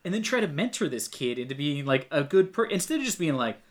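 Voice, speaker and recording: A man's voice: a little high, big pitch swings, fast. A man co-hosting a casual film-review chat, ranting sarcastically and swearing.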